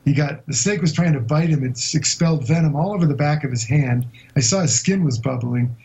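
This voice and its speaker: A man being interviewed as a guest explorer, telling a long story in a vivid but halting way with many hesitations. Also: on the high side, gravelly, darkish tone, low-quality recording. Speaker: guest explorer recounting an expedition.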